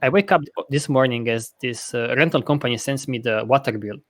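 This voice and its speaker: Rambling, profane podcast host. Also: male voice, medium pitch, a little fast, dry recording. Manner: rambling, profane, self-correcting; laughs often. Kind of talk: casual podcast chat.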